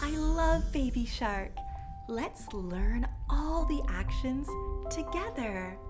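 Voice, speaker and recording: A young woman hosting a children's show, leading toddlers through hand actions in an animated, sing-song way. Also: high voice, slow pace. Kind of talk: playful teaching for toddlers. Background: music.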